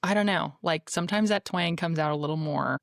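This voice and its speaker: A woman's voice: low-pitched, fairly quick, gravelly, no room sound. Giggly woman podcast host, dry sound. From northern United States. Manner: giggly, chatty, laughs often. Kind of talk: casual podcast chat. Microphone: podcast microphone.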